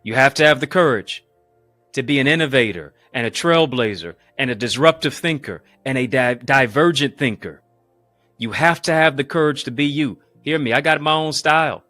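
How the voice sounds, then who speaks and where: A male motivational speaker delivering a preaching-style speech, emphatic and rhythmic with lots of repetition, swinging between booming lines and hushed ones, calling his listeners family. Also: normal speed, no echo, soft background music. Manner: addresses live viewers as family.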